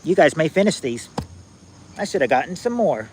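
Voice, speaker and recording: A man hosting a casual trivia game on a livestream, reading viewers' answers aloud in a halting, repetitive way, outdoors at night on a phone. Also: a little high, sing-song, a little mellow, slight background noise, low-quality recording. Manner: halting and repetitive, restarting phrases, drawling out answers.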